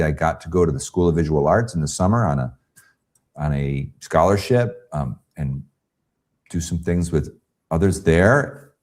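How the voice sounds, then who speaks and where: Very deep-voiced man telling stories. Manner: animated storyteller who acts out quoted voices. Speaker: guest pastel artist. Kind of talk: casual interview storytelling.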